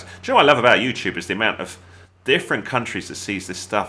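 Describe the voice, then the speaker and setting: Speaking fast and animated at a fairly low pitch, this English man sounds bright and forceful. He's a gaming channel host giving chatty, jokey tutorial commentary on a video game.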